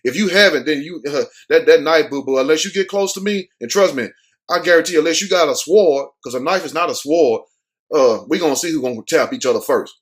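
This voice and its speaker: A man's voice: fairly high pitch, a little fast. A man hosting a show, giving casual, joking news commentary full of cursing and street slang. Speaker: show host.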